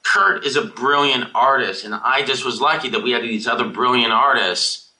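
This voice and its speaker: A film director answering audience questions over a video call, rambling and emotional, swearing casually. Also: male voice, mid-range voice, normal speed, pushed and bright, low-quality recording.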